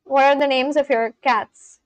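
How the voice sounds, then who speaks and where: A woman's voice: high-pitched, fairly even intonation, a little slow, no room sound. A woman from India, chatting casually on a livestream, reading and answering viewers' comments. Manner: chatty, reads and answers chat aloud, laughs often. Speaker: livestream host.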